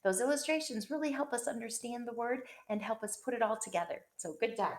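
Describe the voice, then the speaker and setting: A woman's voice: fairly high pitch, brisk. A woman teacher giving a remote lesson to young children, encouraging and narrating as she writes and draws. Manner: encouraging, talks while drawing and pointing. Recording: echoey room.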